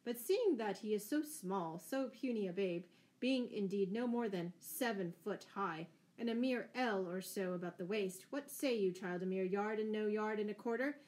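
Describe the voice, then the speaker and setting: A woman's voice: medium pitch, normal speed, a little mellow, natural voice. A woman voicing a playful male outlaw companion in a storybook reading, speaking in a mock-solemn, teasing way.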